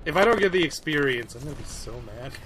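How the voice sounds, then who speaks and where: A man's voice: mid-range voice, animated, quick pace, fairly bright tone, slight background noise, low-quality recording. A man commentating on a video game with a friend, joking and laughing often. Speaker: let's play commentator. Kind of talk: casual gameplay commentary.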